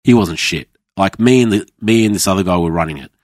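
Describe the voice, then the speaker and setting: A low-pitched man in his thirties talks casually about his years as a chef. He swears freely and slips into other people's voices as he tells his stories. The sound is close and dry. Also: quick pace, dry recording. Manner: sweary storytelling, acts out quoted voices. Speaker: former chef, guest. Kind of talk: casual podcast chat.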